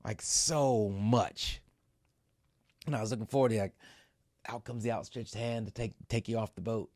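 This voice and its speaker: A middle-aged company CEO recounts an ocean row in a casual interview, his voice on the low side, steady, darkish and at normal speed. The recording is clean studio sound with no room sound, and he shows open emotion, swears freely and acts out his own reactions.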